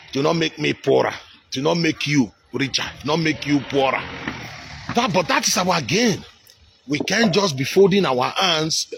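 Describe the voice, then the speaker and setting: A Nigerian man from Edo State giving a forceful, scolding opinion monologue on politics. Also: on the high side, gravelly, breathy edge. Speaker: political commentator.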